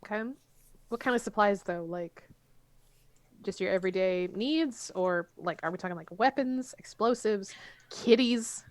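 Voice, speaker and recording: A woman playing in a tabletop role-playing game, chatting in an animated, playful way and laughing a lot. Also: medium pitch, measured pace, no room sound. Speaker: player. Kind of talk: casual tabletop play chat.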